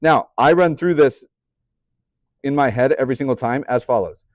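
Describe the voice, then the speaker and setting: A man's voice: mid-range voice, moderate pace, no room sound, studio quality. A young man teaching a math class, chatty, often putting questions to the students. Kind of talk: classroom lecture.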